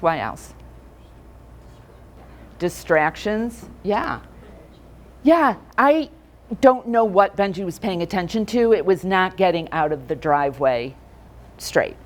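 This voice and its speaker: A middle-aged woman speaks to a live audience in a relaxed, conversational way, telling stories and asking questions along the way. Her voice sits a little low for a woman, and her delivery stays easy and direct. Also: a little hiss or hum. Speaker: speaker for financial advisors. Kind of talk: keynote talk with stories. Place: conference room with audience.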